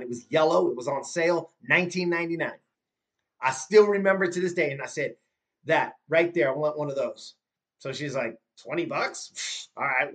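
A man of fifty from Southern California, telling a personal story as a guest in a conversation, animated and given to repeating himself when moved. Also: a little high. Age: 50s.

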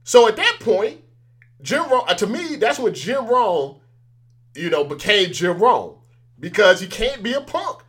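Animated man with a bright voice. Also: sits high, a little slow. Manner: animated storytelling, acts out quoted exchanges. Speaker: interview guest. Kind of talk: casual interview chat.

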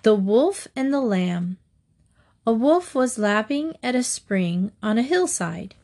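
A woman storyteller reading short fables aloud in a measured, deliberate way. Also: fairly high pitch, sing-song, a little mellow.

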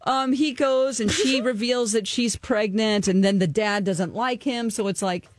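A woman's voice: on the high side, a little slow, dry recording, studio quality. Chatty woman recapping a movie. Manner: chatty and animated, lots of ums, acts out the characters. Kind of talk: casual movie recap chat.

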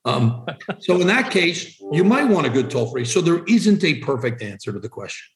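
A man's voice: on the high side, big pitch swings, moderate pace, reverberant. A man answering podcast questions about business phone numbers in a direct, emphatic way. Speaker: vanity phone number seller. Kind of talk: conversational podcast interview answers.

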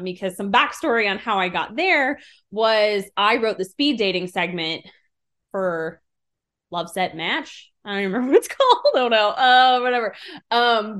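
A woman's voice: medium pitch, fairly bright tone. A woman voice actor casually rambling through a behind-the-scenes story about writing a sketch. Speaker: voice actor and writer.

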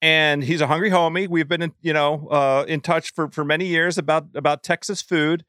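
A man hosts a casual food podcast in a smooth, clear voice that sits a little high. He talks in an animated way, laughing often and tripping over restarts. The sound is dry and close. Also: moderate pace, no room sound. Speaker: podcast host.

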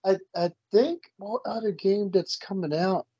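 Man, high pitch, hesitant casual talker, lo-fi recording. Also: normal speed, dark tone, breathy edge, dry recording. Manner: hesitant, many fillers and restarts. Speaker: friend in conversation. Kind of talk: casual chat.

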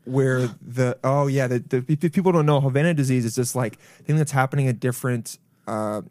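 A man co-hosting a casual comedic chat, animated and quick to swear. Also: no echo, studio quality. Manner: animated, swears freely, jumps into high excited voices. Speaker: podcast co-host.

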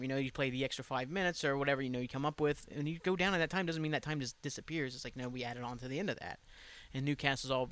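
A man hosting his own podcast from home, chatting casually in a rambling, excitable way, swearing freely and sounding tired. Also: fairly high pitch, clean tone, no room sound. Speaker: podcast host. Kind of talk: casual solo podcast chat.

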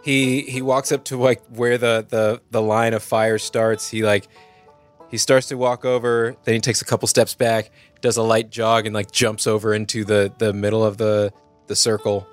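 A man's voice: fairly low pitch, flat delivery, moderate pace, soft background music. A man playing a tabletop game, describing his character's moves with many halts and fillers. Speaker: player.

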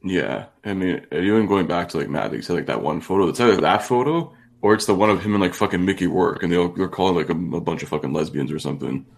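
A man's voice: quick pace, gravelly, hardly any pauses. A man co-hosting a podcast in casual chat, laughing often. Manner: laughs often, swings pitch widely. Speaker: podcast co-host.

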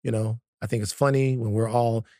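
A man co-hosting a podcast, speaking in an everyday stop-start way and restarting his sentences often. His voice sits at a middle pitch for a man. The sound is dry and close, with almost no room echo. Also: fairly even intonation, a little fast, mellow. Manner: conversational, stop-start with many fillers and restarts. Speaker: podcast co-host. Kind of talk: casual podcast chat.

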